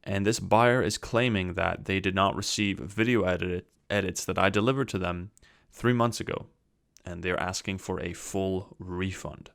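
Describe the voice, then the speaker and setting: A man's voice: low voice, normal speed, creaky, fairly bright tone, clean tone, dry recording, studio quality. A young man vlogging, telling a story in an exasperated, ranting way. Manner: exasperated, ranting, swears when quoting himself. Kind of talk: casual storytelling to camera.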